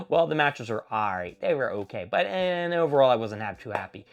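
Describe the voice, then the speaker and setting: A man giving a casual, profanity-filled solo recap of a wrestling show, rambling and animated as he tells what happened. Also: mid-range voice, moderate pace, lo-fi sound.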